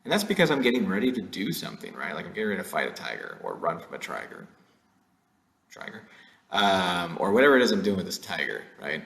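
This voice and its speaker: A low-voiced man with a gravelly edge gives an online lecture in a loose, conversational way. His pitch rises and falls widely as he keeps checking in with his listeners. The sound is roomy, with an echo around his voice. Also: huge pitch swings, quick pace, a bit bright. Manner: conversational, frequent "right?" and "like", jokey asides.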